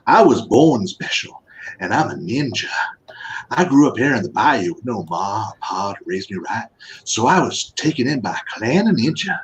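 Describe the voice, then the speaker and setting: A man's voice: medium pitch, sing-song, moderate pace, a little hiss or hum, natural voice, rough recording. A man voicing a boastful male ninja from the Louisiana bayou, with a Louisiana accent and folksy, bragging speech. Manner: brash, bragging, folksy grammar.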